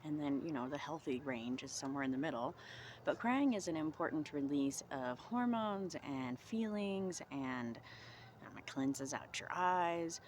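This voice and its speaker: A woman vlogging outdoors in the cold, talking through reflective self-help questions in a gentle, encouraging way. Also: deep voice, expressive, unhurried, slight background noise.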